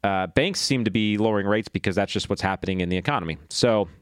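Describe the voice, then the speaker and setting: A man co-hosts a podcast, thinking aloud in a candid, self-deprecating way. His voice sits on the low side, recorded dry and close. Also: quick pace, no room sound. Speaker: podcast co-host. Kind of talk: casual podcast chat.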